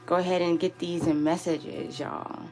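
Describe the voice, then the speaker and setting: A woman's voice: lowish voice, little pitch movement, moderate pace, music in the background. A woman hosting a casual live spiritual reading on her phone camera, chatty and affectionate toward her viewers. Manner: affectionate, chatty, calls viewers "my babies" and "y'all".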